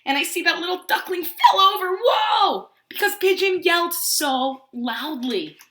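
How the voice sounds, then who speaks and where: A woman teaching preschool, reading a picture book aloud to young children in an animated way and asking them questions. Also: very high-pitched, normal speed, slight background noise. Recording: roomy echo.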